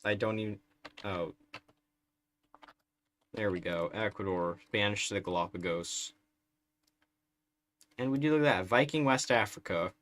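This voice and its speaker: Man, low voice, unhurried drawl, wry live game commentary, keyboard clicks behind. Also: a bit bright. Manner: wry, sarcastic, chatty. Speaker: streamer.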